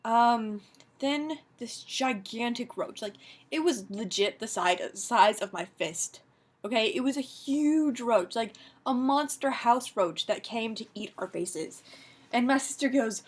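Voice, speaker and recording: A woman vlogger telling a story to camera in a chatty, animated way, full of fillers. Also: fairly high pitch, a little slow.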